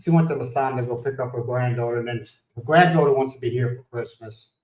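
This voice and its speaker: A man's voice: mid-range voice, fast, darkish tone, distant mic. American guy rambling on a livestream, laughs a lot, sits back from the mic in a roomy echo. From United States. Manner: rambling storytelling, greets viewers by name, laughs often. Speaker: livestream host. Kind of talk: casual chat.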